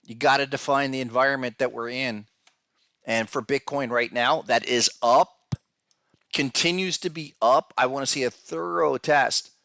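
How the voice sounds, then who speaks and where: A man's voice: mid-range voice, fairly even intonation, normal speed, gravelly, pushed and bright, dry recording. A man hosting a podcast, giving casual market analysis, who talks to viewers directly and often repeats words as he goes. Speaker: podcast host and trading analyst.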